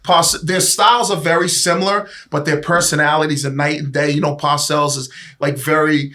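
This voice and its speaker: A man's voice: a little high, normal speed. A man in his forties from East Boston with a Boston accent, a guest telling rambling, profane stories in a casual podcast chat. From East Boston, USA. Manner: animated, rambling, profane, laughing often. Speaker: guest, former pro football player.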